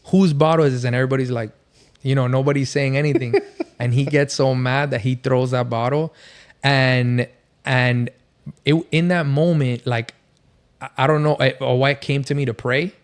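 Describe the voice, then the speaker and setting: A man's voice: mid-range voice, steady tone, normal speed, smooth. A man speaking as a podcast guest, telling his faith story in a loose, rambling way, full of fillers. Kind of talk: casual testimony storytelling.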